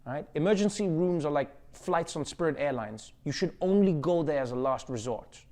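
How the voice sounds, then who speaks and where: A man hosting a comedy show from home, delivering a casual, playful monologue with sudden loud jumps. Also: on the high side, animated, moderate pace. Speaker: late-night comedy host.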